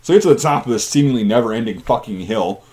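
A man's voice: mid-range voice, lively intonation, fast talker, a little mellow. A man hosting his channel, casually telling army stories in a rambling, profane way. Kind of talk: casual storytelling.

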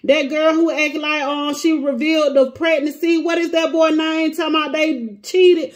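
High-voiced woman giving an animated tarot reading. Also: moderate pace. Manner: animated, exclamatory, thinks aloud and breaks off mid-sentence. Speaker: tarot reader. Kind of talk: casual tarot reading monologue.

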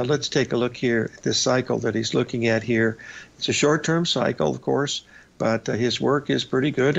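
A male radio host giving casual market commentary over charts, folksy and rambling, with a raspy voice and lots of "uh" and "folks". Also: medium pitch. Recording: slightly dull lo-fi broadcast audio.

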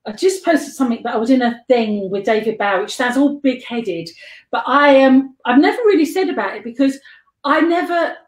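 On a video call streamed live from an echoey room, a high-voiced older London woman tells rambling anecdotes as a guest and life model. She's expressive, chatty, and giggly, quickly leaping between stories and tangents.

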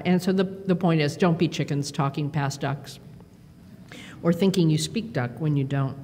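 Woman at a podium telling funny work stories, big echoey hall with a low hum. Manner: animated, self-deprecating anecdotes with quoted dialogue. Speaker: conference speaker. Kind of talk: storytelling keynote speech. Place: large conference hall. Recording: reverberant hall with faint rumble.

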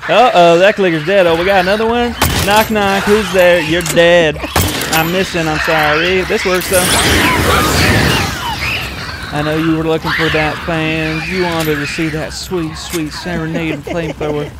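Slightly high-voiced and moderately paced, this gaming co-host delivers dry, absurd jokes and frequent laughter during casual let's-play commentary. Heavy background noise runs underneath.

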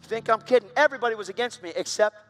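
High, bright-voiced animated male preacher. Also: racing. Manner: animated, voice rising to loud shouts when excited. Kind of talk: sermon storytelling.

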